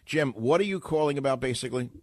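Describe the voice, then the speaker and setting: A man's voice: medium pitch, expressive, quick pace, no room sound. Man, talk radio host, from new york, blunt, sarcastic, dry close mic. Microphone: studio microphone.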